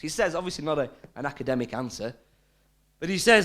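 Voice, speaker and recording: A male preacher delivers a religious reminder in a lively, swinging voice set a bit high. He tells stories, repeats key phrases and shifts between loud emphasis and quiet asides. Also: fast. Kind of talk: Islamic reminder sermon.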